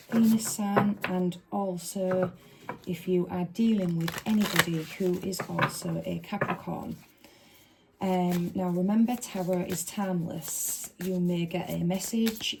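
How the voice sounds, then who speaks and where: A woman's voice: fairly low pitch, vocal fry, a little mellow, slight background noise, poor audio. A woman giving a casual, chatty tarot reading to camera, talking informally and letting the odd swear word slip. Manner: chatty and informal, with a few stray swear words. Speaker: tarot reader.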